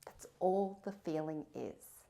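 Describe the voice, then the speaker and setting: A woman's voice: low-pitched, animated, slow pace, creaky, warm tone. A middle-aged woman coaching horse riders, telling a story and acting out the dialogue. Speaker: riding coach. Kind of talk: motivational coaching talk to camera.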